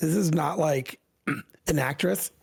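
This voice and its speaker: A man's voice: on the high side, slow pace, gravelly, darkish tone, slightly rough, dry recording, studio quality. A man co-hosting a podcast in casual chat, chiming in with wry, reactive asides. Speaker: podcast co-host.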